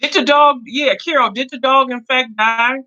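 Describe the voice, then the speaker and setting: A woman's voice: high voice, moderate pace, pushed and bright, muffled recording. A woman in her fifties hosting a casual live chat, talking to viewers and answering their comments as she goes. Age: 50s. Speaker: livestream host.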